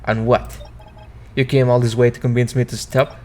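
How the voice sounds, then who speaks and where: A gruff middle-aged innkeeper, bitter and quick to anger, read out by a man. He fires off accusing outbursts from a game script. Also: medium pitch, little pitch movement, darkish tone, a little hiss or hum, lightly acted. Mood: bitter, angry. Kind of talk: reading game dialogue aloud.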